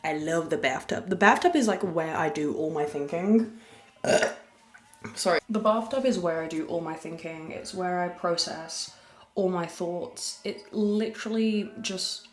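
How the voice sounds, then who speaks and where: Woman, low voice, echoey room. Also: unhurried. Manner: rambling, candid, crude jokes, talking softly. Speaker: podcast host. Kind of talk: casual confessional chat. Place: room at a farm.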